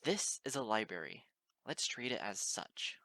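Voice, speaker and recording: A man's voice: fairly low pitch, lively intonation, a little slow, bright, forceful tone, dry recording, heavily acted, low-quality recording. A man reading the part of an uptight, bookish young female pony librarian who scolds in a prim, exasperated way. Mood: curt. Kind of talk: amateur audiobook reading.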